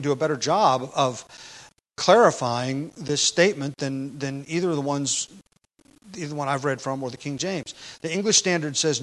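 A man preaching an expository sermon at a measured teaching pace, growing loud and emphatic when he quotes scripture. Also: on the high side, poor audio.

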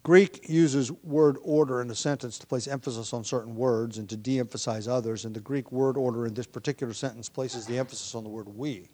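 A man teaching a Bible passage in an easy, conversational sermon. He talks his way through ideas with ums, restarts and the odd throat clearing, in a voice of middling pitch. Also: fairly even intonation, fairly quick, hardly any pauses, mellow. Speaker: preacher.

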